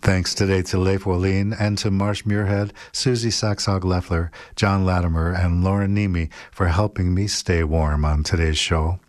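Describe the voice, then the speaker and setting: Male radio host, very deep and even, dry close sound. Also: moderate pace, few pauses, dry recording. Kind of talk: show sign-off.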